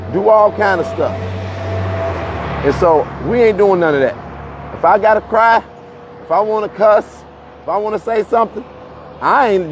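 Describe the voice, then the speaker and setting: Breathless man talking while walking uphill. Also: sits high. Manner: animated, repeats himself, laughs often. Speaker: livestream host. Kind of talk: casual live-stream talk to viewers. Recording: dull lo-fi phone audio with faint street noise.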